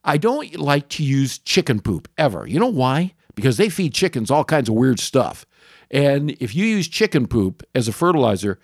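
Lively, animated man telling a story. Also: dry recording, clean studio sound. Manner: animated anecdote-telling, jumps into high exclamations. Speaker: podcast host, lawn care professional. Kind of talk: casual storytelling.

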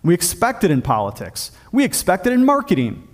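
A man delivers a sermon from the pulpit of a church, his voice sitting a little high for a man. He preaches emphatically, rising on questions and sinking low and quiet to drive a point home. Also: wildly swooping pitch, fairly quick. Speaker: pastor.

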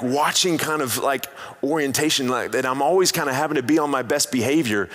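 A man's voice: mid-range voice, fairly bright tone. Man preaching in a reverberant hall. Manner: conversational, with frequent fillers and restarts. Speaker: pastor. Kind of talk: sermon.

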